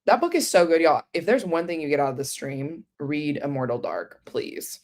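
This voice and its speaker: A woman's voice: low voice, animated, normal speed, darkish tone. A woman chatting casually on a book livestream, rambling with lots of fillers and answering viewers' comments. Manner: many fillers like "um" and "like". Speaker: book streamer.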